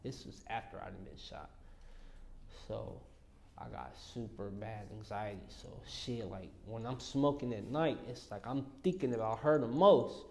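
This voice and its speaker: A man's voice: lowish voice, measured pace, creaky, a little mellow. A young man telling an emotional story in a casual interview in a studio, slangy and often saying "you know what I'm saying". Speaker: interview guest.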